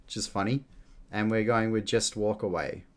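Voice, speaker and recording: A man's voice: fairly low pitch, fairly even intonation, normal speed. A man giving laid-back, chuckling commentary while streaming a video game. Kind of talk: casual gameplay commentary.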